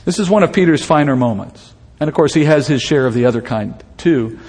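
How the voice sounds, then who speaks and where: A man's voice: fairly high pitch, animated, fairly quick, a little mellow. A man preaching a sermon in a conversational, storytelling way, asking rhetorical questions as he goes. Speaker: pastor. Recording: long reverb of a hall.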